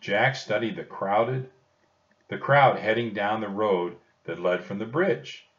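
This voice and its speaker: A man narrating a children's storybook audiobook in a slow, expressive storytelling manner. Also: lowish voice. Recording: dull distant recording.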